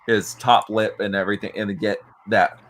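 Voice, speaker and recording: A man co-hosting a casual podcast chat, joking around and acting out quick impressions as he talks. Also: fairly low pitch, flat delivery, a bit bright. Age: adult, father of kids. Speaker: podcast co-host.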